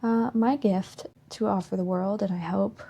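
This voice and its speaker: A woman's voice: mid-range voice, fairly even intonation, normal speed, creaky, dark tone, husky. A woman hosting a spiritual self-help podcast, talking casually and frankly in a playful put-on country drawl and laughing often. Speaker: podcast host.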